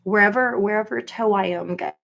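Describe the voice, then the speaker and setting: A woman's voice: a little fast, vocal fry. A woman in a casual solo monologue, ranting profanely with lots of fillers and acting out quoted voices. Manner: profane, animated, jokey rants with frequent fillers; acts out quoted voices with jumps in pitch. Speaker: solo vlogger.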